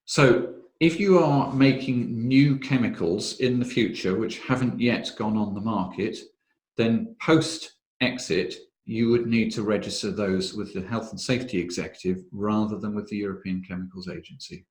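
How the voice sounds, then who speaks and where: A man presenting a webinar on health and safety law, talking in a measured, methodical way with frequent "uh" fillers. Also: lowish voice, roomy sound. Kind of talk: explanatory webinar talk.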